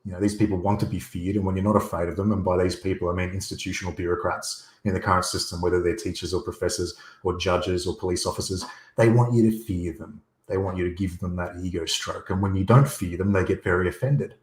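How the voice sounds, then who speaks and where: Aussie guy, deep-ish voice, blunt and sweary, echoey room on a call. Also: fairly even intonation, quick pace, few pauses. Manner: blunt, profane, opinionated. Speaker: guest. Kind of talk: casual chat.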